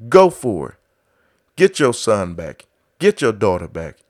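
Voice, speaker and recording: A man preaching a sermon who starts low and quiet, then builds to loud exhortation with repeated refrains and acts out biblical voices. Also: sing-song, unhurried.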